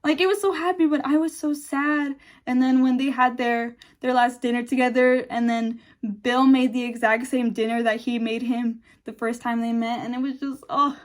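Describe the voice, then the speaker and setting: A woman's voice: high-pitched, steady tone, normal speed, hardly any pauses. A young woman vlogger chatting casually and emotionally about a TV episode, rambling with many fillers and restarts, close to tears. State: on the verge of tears. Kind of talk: casual chat.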